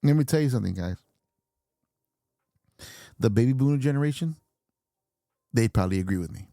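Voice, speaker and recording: A man's voice: medium pitch, lively intonation, fairly quick, mellow, no echo, studio quality. A man in his fifties hosting a podcast, delivering a blunt, swear-filled rant and laughing at his own points. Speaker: podcast host. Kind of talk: profane ranting monologue.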